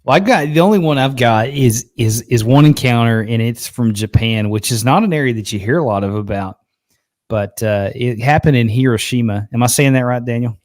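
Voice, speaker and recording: A man's voice: mid-range voice, fairly quick, a little mellow, dry recording. A man with a Southern Arkansas accent hosting a live podcast in an easygoing, folksy way, laughing often. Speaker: podcast host. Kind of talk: casual live podcast chat.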